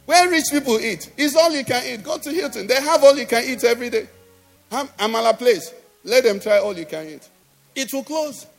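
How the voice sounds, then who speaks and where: In a high voice, a middle-aged Nigerian English-accented pastor delivers an emphatic church sermon. He keeps checking whether the congregation understands him.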